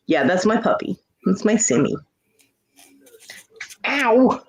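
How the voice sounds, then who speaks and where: Lively joking woman hosting a livestream. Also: mid-range voice, slow pace, low-quality recording. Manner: joking, laughs often. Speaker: livestream host. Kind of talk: casual chat on a livestream.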